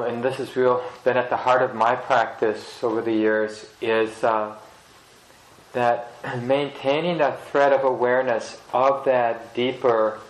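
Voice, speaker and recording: A man with a middle-pitched voice gives a reflective meditation talk, gentle and halting. His voice carries with the echo of a roomy hall. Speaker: meditation teacher. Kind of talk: dharma talk.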